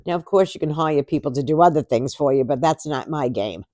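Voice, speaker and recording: A woman's voice: sits low, expressive, a little fast, mellow, dry recording, studio quality. A woman vlogger talking casually to camera, chatty and sarcastic, laughing often.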